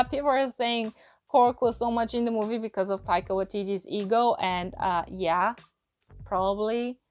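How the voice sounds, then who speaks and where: A woman giving a casual, rambling film review, exasperated and laughing often, repeating words as she restarts her sentences. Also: medium pitch. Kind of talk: casual spoken movie review.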